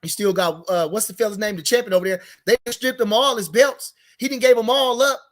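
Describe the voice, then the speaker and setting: Man, high voice, speech, rambling boxing chat, repeats himself, heated. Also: fairly quick, a bit bright. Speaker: boxing commentary show host. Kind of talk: casual unscripted boxing talk.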